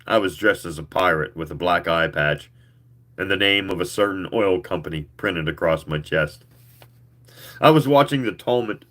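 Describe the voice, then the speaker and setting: A man reading a novel aloud, expressive and sometimes stumbling over words. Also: fairly low pitch. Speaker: reader.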